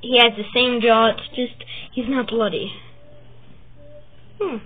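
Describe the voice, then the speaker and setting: A woman hosting a casual vlog, chatting and rambling as she shows her drawings, with the hiccups and bursts of excitement. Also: a little high, slow, husky. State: has the hiccups. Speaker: channel host showing her drawings. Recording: tinny phone-like sound with faint noise.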